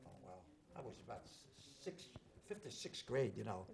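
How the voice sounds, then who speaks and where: A man's voice: fairly low pitch, very animated, normal speed, gravelly, a crowd in the background. An older man hosting a talk show, chatting casually, joking and wandering off into anecdotes. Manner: rambling, jokey, tells anecdotes. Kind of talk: casual chat.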